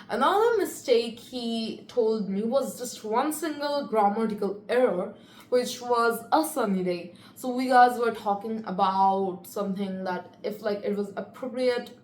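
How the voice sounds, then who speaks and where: A woman's voice: fairly high pitch, a little mellow. A teenage girl talking casually to the camera in a chatty, rambling way, full of fillers. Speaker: student vlogger. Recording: echoey room with faint ambient noise.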